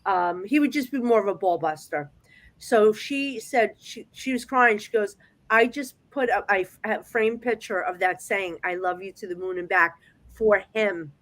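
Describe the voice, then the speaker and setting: A woman working as a psychic medium, telling stories in a chatty, animated way on a video call. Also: medium pitch, moderate pace. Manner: chatty, animated storyteller with frequent restarts. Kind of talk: casual storytelling chat.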